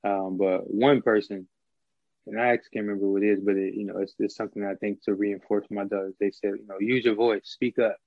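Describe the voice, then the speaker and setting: A man's voice: fairly low pitch, flat delivery, quick pace, gravelly, no echo, lo-fi sound. A middle-aged man talking through ideas in a casual conversation, with many fillers and restarts. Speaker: podcast guest.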